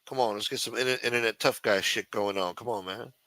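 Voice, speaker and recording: A man's voice: fairly low pitch, steady tone, fast talker, bright, forceful tone, no echo. A man hosting a livestream, talking in a brash, profane mob boss persona. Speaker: livestream show host.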